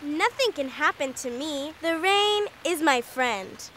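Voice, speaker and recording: A woman's voice: high-pitched, expressive, slow pace, sharp tone, a little hiss or hum, full character voice. A woman voicing Moo Moo, a timid, jumpy young cartoon character who frets and shrieks in panic. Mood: cheerful. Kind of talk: children's cartoon voice acting.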